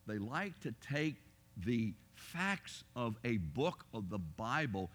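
A middle-aged man teaching a Bible class in a plain, middle-pitched voice. He talks conversationally and with emphasis, putting rhetorical questions to his listeners. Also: sing-song, slow pace, fairly bright tone.

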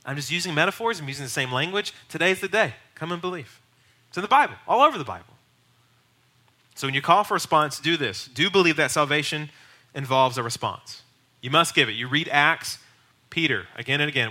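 Teaching on evangelism, a pastor in middle age speaks briskly and expressively in a fairly high, strikingly bright and sharp voice. His delivery is earnest and emphatic, occasionally rising into urgent, raised passages about sharing the faith.

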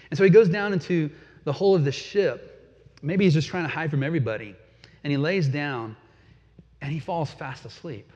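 A man preaching a sermon in a relaxed, conversational way, chuckling now and then and repeating words as he goes. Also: on the high side, in a large hall, muffled recording. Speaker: pastor.

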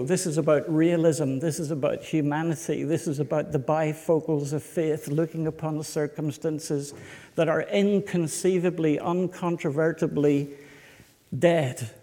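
Slow, emphatic preacher man. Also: on the high side, creaky, dark tone. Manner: slow, emphatic, rhetorical questions to the congregation. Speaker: pastor. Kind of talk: sermon. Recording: echoey hall.

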